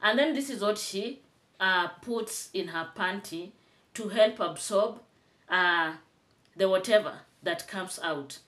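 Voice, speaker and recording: A woman's voice: mid-range voice, takes it slowly, fairly bright tone. A young Kenyan woman with a Kenyan accent, giving chatty commentary in a vlog that grows into indignant scolding. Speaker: vlogger.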